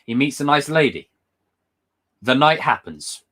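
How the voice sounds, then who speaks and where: A young man chats on a livestream, his pitch swinging up and down as he gets carried away. He rambles and circles back, repeating phrases while he thinks out loud. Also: measured pace. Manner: excitable, rambling, repeats himself. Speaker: livestream host. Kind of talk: casual live-stream chat.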